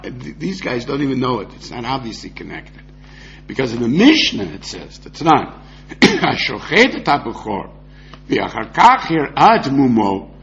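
Guy teaching talmud, voice jumps all over, kinda higher pitched, dull muffled recording. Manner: animated, argumentative, acts out quoted rabbis. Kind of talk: lecture on Talmud.

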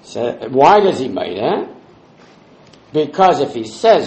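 A man's voice: mid-range voice, sing-song, slow, creaky, long pauses, darkish tone, echoey room, low-quality recording. A man leading a Talmud study class, explaining the text step by step and quoting Hebrew and Aramaic phrases. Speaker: Talmud teacher.

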